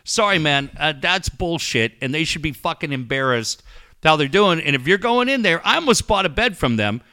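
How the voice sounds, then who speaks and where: A man's voice: a little high, very animated, normal speed, bright, forceful tone, no echo, studio quality. A man hosting a podcast, ranting and telling stories in casual, profane chat and mocking other people's voices. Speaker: podcast host.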